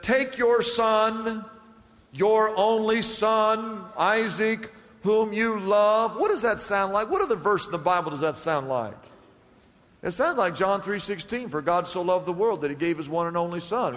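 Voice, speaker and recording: A man's voice: sits high, very animated, fairly quick, a bit bright, big-room sound. A male pastor preaching a sermon, acting out Bible scenes and reading scripture aloud.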